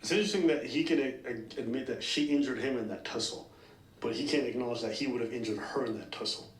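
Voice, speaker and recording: A man co-hosting casual reaction commentary, animated and incredulous. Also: medium pitch, fast, echoey room, low-quality recording. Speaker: co-host.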